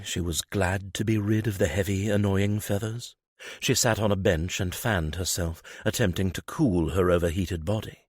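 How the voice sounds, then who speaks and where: Deep, breathy male audiobook narrator. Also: no room sound, studio quality. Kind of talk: scripted narration.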